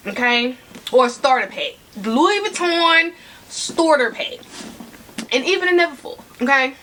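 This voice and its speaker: A woman's voice: high voice, a bit bright. A woman vlogging about handbags in a sassy, chatty way, talking straight to her viewers while she eats. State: eating while talking, mouth sometimes full. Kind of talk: casual chat to camera.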